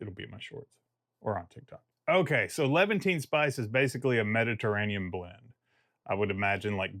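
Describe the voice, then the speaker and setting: A man's voice: mid-range voice, a bit bright, no room sound, studio quality. Chatty man rambling through a review. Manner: chatty and rambling, jokes at his own expense. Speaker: fragrance reviewer. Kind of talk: casual review vlog.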